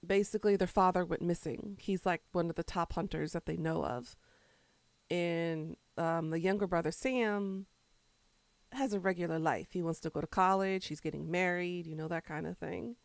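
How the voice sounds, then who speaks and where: A woman's voice: on the low side, normal speed, vocal fry, no echo. A woman streamer chatting casually with her viewers, rambling between topics and answering chat while she eats.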